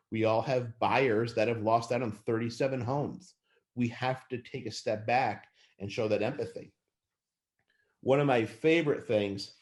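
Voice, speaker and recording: A man in his thirties giving a fast, passionate motivational talk to managers on a call, with frequent restarts. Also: mid-range voice, darkish tone. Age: 30s. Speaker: real estate team leader speaking to managers.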